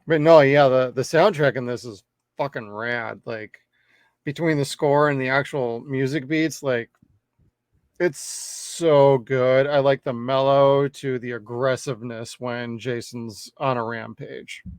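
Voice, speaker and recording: A man's voice: mid-range voice, fairly even intonation, measured pace, smooth, dry recording, clean studio sound. A man co-hosting a podcast, chatting casually about a horror film, swearing freely and laughing often. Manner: profane, laid-back, laughs often. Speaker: podcast co-host. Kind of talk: casual movie review chat.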